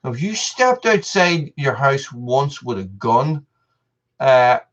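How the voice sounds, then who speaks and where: A man's voice: medium pitch, big pitch swings, slow pace, a bit bright, muffled recording. Rambling man chatting on a live stream. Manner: rambling, stumbling restarts and repeated words. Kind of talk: casual live-stream chat with viewers.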